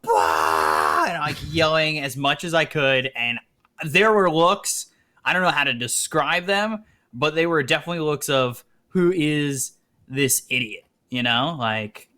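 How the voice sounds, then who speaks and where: A man's voice: fairly high pitch, moderate pace. A man co-casting an esports match live, chatting casually and telling stories. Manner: storytelling, animated when recounting. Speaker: esports co-caster. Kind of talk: casual live commentary chat.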